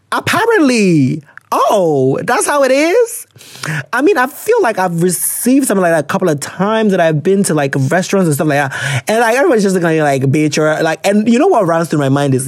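A man's voice: fairly high pitch, big pitch swings, brisk, no room sound, clean studio sound. A man hosting a podcast, chatting casually and reading listener letters aloud, laughing often and slipping into slang. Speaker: podcast host.

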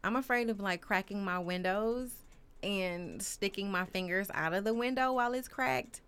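A young adult woman co-hosting a podcast, telling stories in a loose, profane, animated way. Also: medium pitch, normal speed, clean tone. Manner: profane, animated storytelling with a Southern Black American vernacular. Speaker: podcast co-host. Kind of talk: casual podcast chat.

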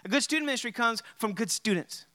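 A man's voice: very high-pitched, lively intonation, quick pace, pushed and bright, no echo. A man preaching a sermon as a pastor in a casual, conversational way, with plenty of fillers. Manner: casual and conversational, with many "like" and "you know" fillers.

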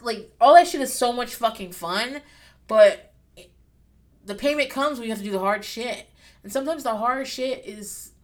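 A woman's voice: mid-range voice, fairly bright tone. Candid, profane woman recapping TV. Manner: swears freely, rambling and candid, with bursts of laughter. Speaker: podcast host recapping a reality show. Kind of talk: casual chat.

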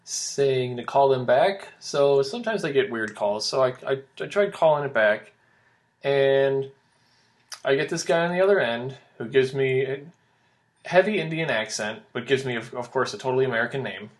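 A young man co-hosts a relaxed podcast, winding through a long anecdote. He pads his story with fillers and restarts and slips into quoted voices along the way. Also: mid-range voice, moderate pace. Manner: rambling storytelling with many fillers. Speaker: podcast co-host. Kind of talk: casual podcast chat.

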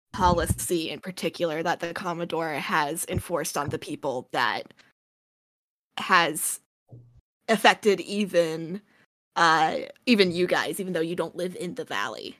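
A woman leads a casual tabletop game chat as its game master. She talks slowly, with a bright, forceful edge, and she breaks off and restarts her sentences eagerly. The sound is close and dry. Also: fairly low pitch, no room sound. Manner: enthusiastic, talks in halting restarts.

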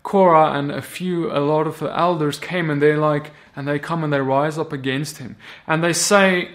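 A man with a slightly high-pitched voice gives a sermon on a Torah portion. He talks animatedly, with loose, conversational phrasing. He often slips into acting out the biblical figures' words. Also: moderate pace. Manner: animated, acts out biblical quotes in character. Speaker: Bible teacher.

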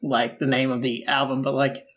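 A man's voice: mid-range voice, normal speed, highs cut off. A man co-hosting a podcast, chatting casually about song lyrics with lots of "like" and easy laughter. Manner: relaxed, lots of "like", laughs easily. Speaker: podcast co-host.

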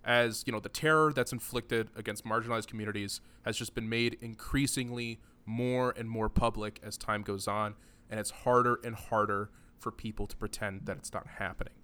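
A man's voice: fairly low pitch, steady tone, normal speed, sharp tone, smooth. A man hosting a casual podcast, rambling and joking, often laughing between points. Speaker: podcast host.

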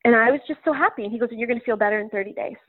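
A woman talks through her own story as an interview guest, chatty and full of "um" fillers. Her voice sits a little high. The sound is thin and phone-like, with no room echo. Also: very fast. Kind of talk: personal storytelling in conversation. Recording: tinny phone-line sound, dry.

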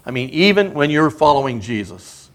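A man's voice: on the high side, sing-song, normal speed. A man preaching a sermon as a guest speaker, in an earnest, conversational way that builds in emphasis.

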